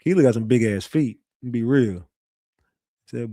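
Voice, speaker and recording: A man's voice: fairly low pitch, brisk, dark tone, no room sound. Brash trash-talking man, dry close sound. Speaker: livestream host. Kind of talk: casual livestream commentary.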